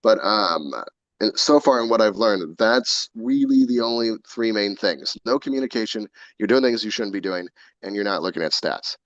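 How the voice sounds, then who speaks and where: Low-voiced man on a dry, dull line. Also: expressive, normal speed, a bit bright, no echo. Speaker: podcast guest. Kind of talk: casual business talk.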